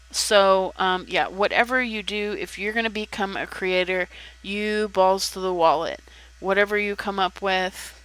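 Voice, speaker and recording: A woman's voice: fairly low pitch, a bit bright, rough recording. Chatty young woman with blunt advice. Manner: chatty, frank, with frequent ums and some swearing. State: hiccuping. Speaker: video creator. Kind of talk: casual chat.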